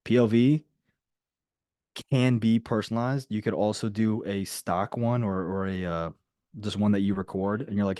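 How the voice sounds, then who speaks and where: A man's voice: on the low side, fairly even intonation, normal speed, warm tone, no echo, clean studio sound. A man leading a group coaching call, talking casually and emphatically and repeating his key points. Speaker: sales coach.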